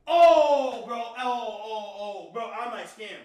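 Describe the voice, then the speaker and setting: A man live streaming, telling a story to his chat in a profane, slang-heavy, rambling way that flares into shouting. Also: very high voice, moderate pace, few pauses, roomy sound.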